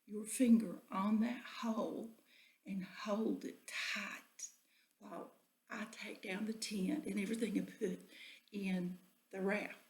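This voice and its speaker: A woman's voice: mid-range voice, fairly even intonation, slow pace, a little mellow. A woman doing a bossy husband's voice. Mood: insistent. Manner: insistent, talks over others. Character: bossy middle-aged husband lecturing his wife. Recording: echoey room.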